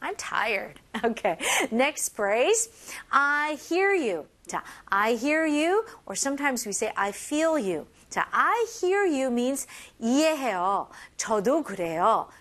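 A woman teaching English phrases to learners, switching between languages, modeling lines slowly and laughing between points. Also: fairly high pitch, very animated, a bit bright. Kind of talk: bilingual language lesson.

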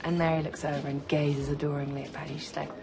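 An actress playing a playful young woman student who tells a bawdy joke in a lively way, in a film scene. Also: low voice, fast talker, creaky, background noise. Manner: teasing, lively storyteller. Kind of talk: film dialogue. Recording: film scene with music behind.

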